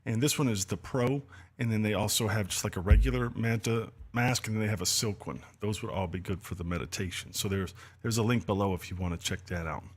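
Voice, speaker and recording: A man's voice: lowish voice, fairly quick. A man hosting a casual livestream, talking loosely with many fillers and apologizing for running late. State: slightly out of breath. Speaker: livestream host.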